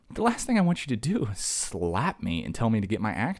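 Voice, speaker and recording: A young man hosting a solo podcast, ranting fast and sarcastically, jumping from one tangent to the next. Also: on the low side, wildly swooping pitch, no echo, studio quality. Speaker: podcast host.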